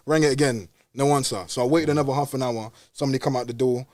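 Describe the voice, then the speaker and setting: A young man from West London with a London accent, telling a story casually on a podcast, animated and full of street slang. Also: medium pitch, fast, hardly any pauses, no room sound, studio quality. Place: podcast studio.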